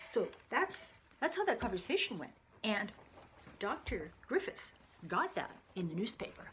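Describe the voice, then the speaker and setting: A woman's voice: mid-range voice, sing-song, normal speed, a bit bright. A woman hosting an explanatory history video, chatting casually and reading old newspaper clippings aloud. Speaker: video host.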